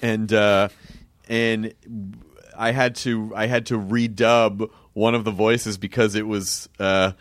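A man's voice: lowish voice, level tone, slow, dry recording, studio quality. A man, a voice actor, chatting casually on a podcast and often dropping into put-on comic voices.

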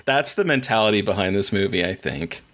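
A man's voice: on the low side, animated, a little fast, fairly bright tone. A man co-hosting a podcast, chatting casually about films and shows, rambling and enthusiastic with many restarts. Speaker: podcast co-host.

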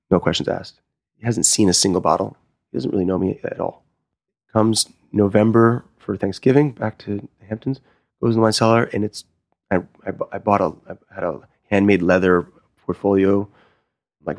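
Male sommelier, interview storyteller, lively and chatty, recorded dry with no room sound. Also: fairly low pitch, creaky, no echo. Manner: animated, acts out quoted dialogue. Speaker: sommelier and wine consultant.

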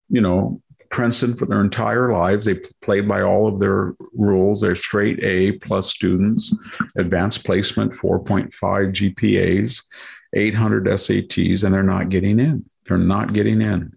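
A man's voice: on the low side, fairly even intonation, moderate pace, darkish tone. An older man hosting a political talk show, delivering sardonic commentary full of mocking rhetorical questions. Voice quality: gravelly, husky. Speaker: podcast host.

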